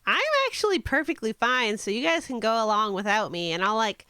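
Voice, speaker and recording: An animated woman playing a tabletop role-playing game with friends. Her smooth, bright voice swings widely in pitch, and the close mic sounds dry. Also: brisk, no room sound. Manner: animated, laughs often. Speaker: player.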